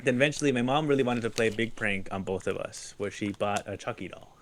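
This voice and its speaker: A man as a podcast guest, telling childhood stories in casual chat, laughing often and acting out quotes loudly. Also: fairly low pitch, fast. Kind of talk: casual storytelling.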